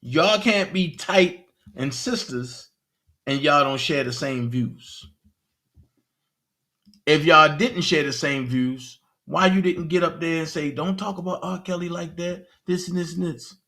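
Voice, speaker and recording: A man's voice: a little high, measured pace, sharp tone. A man giving casual, emphatic commentary and posing pointed questions.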